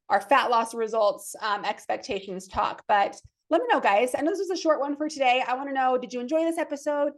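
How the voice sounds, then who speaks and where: A woman with a high, light voice hosting a fitness podcast. She talks in a chatty, enthusiastic way and acts out people's inner thoughts as she goes. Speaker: fitness coach and podcast host. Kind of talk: casual motivational podcast talk.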